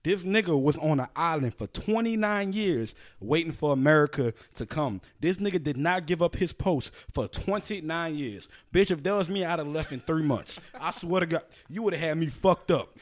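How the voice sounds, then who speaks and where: A man hosting a casual podcast with a lively, swinging pitch. He tells stories loudly and swears freely, with animated, excitable energy. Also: moderate pace, hardly any pauses. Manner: profane, loud, animated storytelling. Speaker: podcast host.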